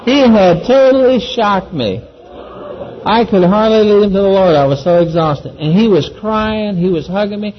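Speaking at a normal rate in a voice that sits high, a man recounts his faith journey as a Christian testimony, earnest and folksy, imitating the voices of those involved. The lo-fi recording sounds dull, with a little hiss or hum.

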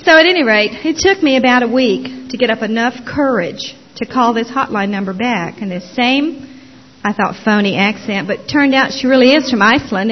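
A woman telling her personal testimony as a former Jehovah's Witness, expressive and dramatizing the story with little voices. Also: a little high, normal speed. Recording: dull lo-fi recording.

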